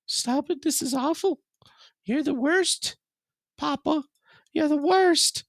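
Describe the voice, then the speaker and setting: A man voicing his grumpy female pet cat, whining and scolding him in a high put-on voice. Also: slow, creaky, no echo, studio quality, full character voice. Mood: whiny scolding. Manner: whiny, scolding.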